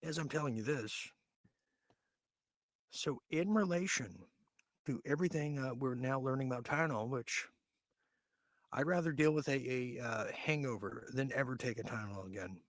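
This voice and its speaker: A man hosting a late-night podcast, delivering a ranting, sarcastic monologue full of halting fillers. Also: mid-range voice, no room sound. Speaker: podcast host.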